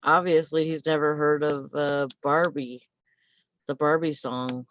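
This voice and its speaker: A woman's voice: sits low, flat delivery, unhurried, dull audio, a little hiss or hum. A woman in a casual group chat, wry and teasing.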